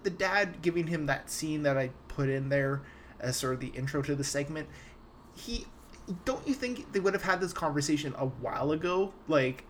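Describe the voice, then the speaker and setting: Casual, ranting movie talk comes from a young male podcast host with a slightly high voice. Animated and swearing freely, he trips over his words and restarts, and there's slight background noise.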